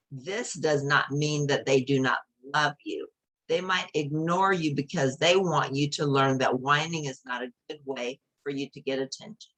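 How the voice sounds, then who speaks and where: A woman reading a children's picture book aloud, gently explaining each page to young listeners. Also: sits low.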